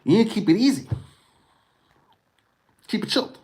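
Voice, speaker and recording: On his own livestream, a high-voiced man delivers an unfiltered monologue at normal speed. He's very expressive, curses often, and slips "dude" and "bro" into nearly every thought.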